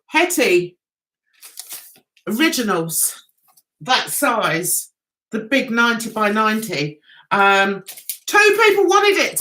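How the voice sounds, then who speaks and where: A woman's voice: sits high, sharp tone, poor audio. A woman with an English accent, chatting casually to viewers on a livestream in a rambling way while losing her voice. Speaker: livestream host.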